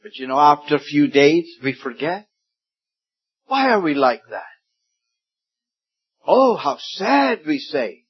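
A man in his seventies preaching a sermon, slow and deliberate, rising suddenly into loud emphatic peaks. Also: on the high side, animated, husky. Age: 70s. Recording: dull lo-fi sermon recording.

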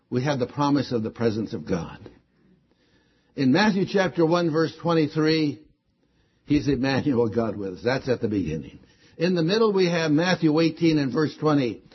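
Male preacher with a husky, somewhat high voice, punching repeated key words; dull lo-fi recording. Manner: emphatic, repeats key words with rising stress. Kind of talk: sermon.

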